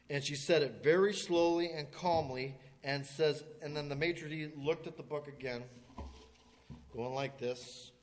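A man with a slightly high voice tells a story from the pulpit in a folksy, halting way, clearing his throat now and then. He acts out the people as he goes, and his voice carries with a long reverb through a large hall. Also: steady tone. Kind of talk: sermon illustration storytelling.

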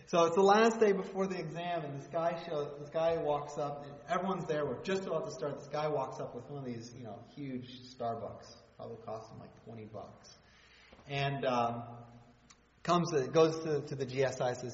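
Conversational preacher man, slightly high. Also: moderate pace, slight background noise. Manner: conversational, with humorous asides and rhetorical questions. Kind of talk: sermon. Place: church hall. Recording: dull sound with long hall reverb.

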